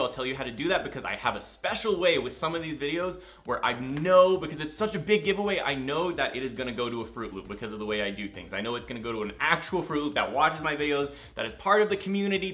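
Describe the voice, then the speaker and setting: A young gaming YouTuber with a fairly high-pitched voice gives excited gameplay commentary, gushing and speaking directly to his fans. He's very tired from getting little sleep.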